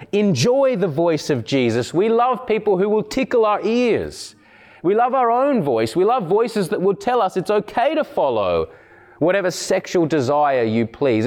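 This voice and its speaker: A man's voice: high-pitched, a little mellow. A man preaching a sermon, driving his points home by repeating key phrases with shifting intensity.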